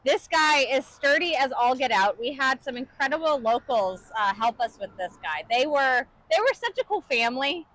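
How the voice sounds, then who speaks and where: A high-pitched woman keeps a cheerful, chatty flow as she co-hosts a live cooking stream. She talks casually to viewers and reads their comments aloud. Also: animated, normal speed, few pauses, a bit bright, slight background noise, low-quality recording. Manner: chatty, upbeat, often laughing and reading viewer comments.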